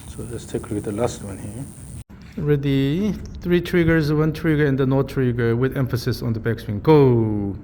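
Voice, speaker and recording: A man's voice: mid-range voice, normal speed, warm tone, a little hiss or hum, low-quality recording. A man working as a golf coach in a live session, calling out short repeated drill cues and then explaining the movement.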